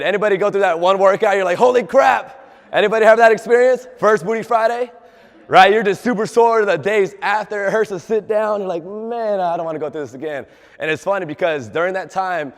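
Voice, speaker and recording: A young man speaks to a room as a fitness trainer, chatting through his own story and turning to quiz his listeners. He acts out quoted dialogue in a slightly raised, upbeat voice. His talk rings with the long reverb of a hall. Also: sits high. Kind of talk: motivational talk to a live group.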